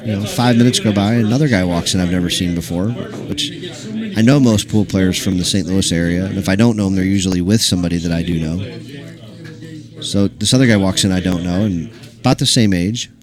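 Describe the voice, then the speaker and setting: Chatter from pool players and general crowd noise sit behind a low-pitched, fairly quick male voice on a live stream mic. The speaker owns a small pool club and hosts a stream, telling a loose, rambling story packed with fillers and the odd curse.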